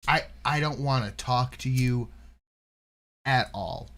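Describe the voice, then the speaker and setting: A man's voice: mid-range voice, slow pace. A man co-hosting a reaction podcast, telling stories in a loose, profane way and acting out the people he quotes. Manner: animated, profane, acts out quoted voices. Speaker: podcast co-host reacting to videos. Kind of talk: casual chat, storytelling.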